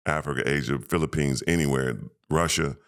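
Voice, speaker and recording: A man, a former pro basketball player, telling emotional, animated stories as a podcast guest and acting out quoted voices. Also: very deep voice, brisk, clear, resonant tone. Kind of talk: casual storytelling interview.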